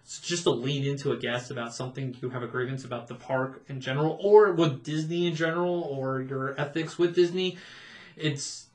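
A man in his thirties, a podcast co-host, telling stories in a casual, animated way, laughing often and acting out what people said. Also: medium pitch, fairly quick. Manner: animated, laughing storyteller who acts out quotes. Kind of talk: casual storytelling chat.

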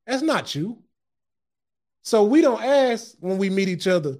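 High-voiced man preaching self-improvement. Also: lively intonation, normal speed, a little mellow. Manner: impassioned, repeats words when starting a thought; addresses listeners directly as guys and family. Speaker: podcast host. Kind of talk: motivational sermon-style talk.

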